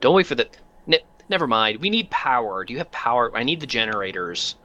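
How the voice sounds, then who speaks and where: A man's voice: mid-range voice, very animated, fairly quick, sharp tone. A man voicing a nervous, rambling male doctor in a tabletop game. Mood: impatient.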